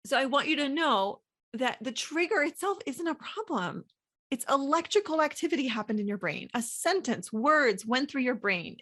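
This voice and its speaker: A woman's voice: high voice, fairly bright tone. A woman hosting a solo coaching podcast, talking casually with many fillers and acting out inner thoughts. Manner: chatty, lots of "like" fillers, acts out inner voices.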